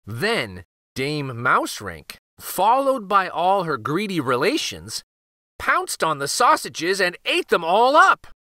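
A man hosting a children's read-aloud channel, reading a picture book in an expressive, lively storytelling way. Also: high-pitched, takes it slowly, no echo, clean studio sound.

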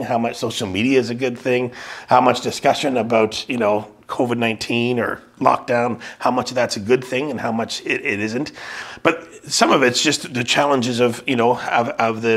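A male pastor giving a sermon at an ordinary middle pitch. He tells the story loosely and conversationally, often restarting his sentences and adding fillers as he goes. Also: fairly bright tone. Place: church service streamed online.

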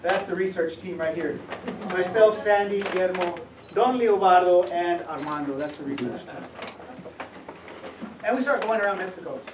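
An author with a high voice gives a public talk at a museum event space, animatedly telling his story to a live audience with lively laughs and acting out each person he met. The mic sits far off across an echoey room, and a faint hum runs beneath his speech.

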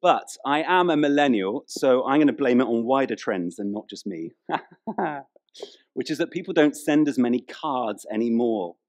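Playful man preaching with lively pitch. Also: unhurried. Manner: humorous storytelling, chatty, playful with the congregation. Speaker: pastor. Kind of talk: sermon. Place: church.

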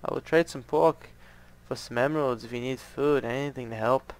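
A man voicing a loud, eager village butcher in a block-building game, reading his lines aloud. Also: mid-range voice, moderate pace, lightly acted, low-quality recording.

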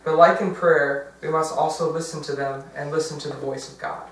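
A man's voice: a little high, fairly even intonation, normal speed, a little hiss or hum. A young man giving a casual workshop talk, chatty, with fillers and self-corrections. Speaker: diocesan workshop presenter. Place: large church hall. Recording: very echoey, from far off.

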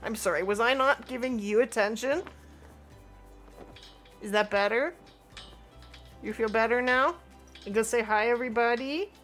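A woman's voice: fairly high pitch, normal speed, pauses often, fairly bright tone, soft background music. A woman chatting casually with her viewers while streaming a game from home, talking to her cat and laughing easily. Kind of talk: casual live-stream chat over gameplay.

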